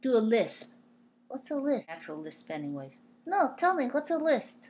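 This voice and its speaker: A woman's voice: on the high side, big pitch swings, moderate pace, darkish tone, slight background noise. A woman voicing Shu, a teasing puppet friend, in a puppet comedy.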